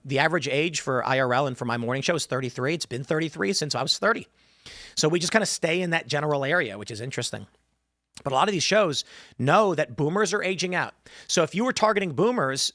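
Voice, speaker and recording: A man's voice: on the high side, a bit bright, no room sound, clean studio sound. A man hosting a live show, chatting casually and rambling, reading viewer comments aloud and slipping into mock voices for asides. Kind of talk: casual livestream chat.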